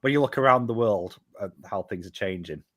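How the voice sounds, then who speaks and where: A man's voice: fairly low pitch, fairly quick, fairly bright tone. A man chatting as a guest, wry and joking, rambling a little. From United Kingdom. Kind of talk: casual chat.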